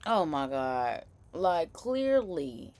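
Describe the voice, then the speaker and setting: A woman with a New Orleans accent hosting a live stream, reacting to news clips in slangy, animated, casual chat. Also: low voice, drawn-out words. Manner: animated, chatty, slangy, laughing asides.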